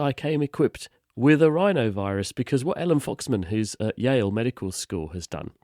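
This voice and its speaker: A man with a hoarse, cold-roughened voice explains science to a radio audience. He talks brisk and wry, pitched at a middle height. He is heard close and dry over a remote video-call line. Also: a little mellow, no echo. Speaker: science guest expert.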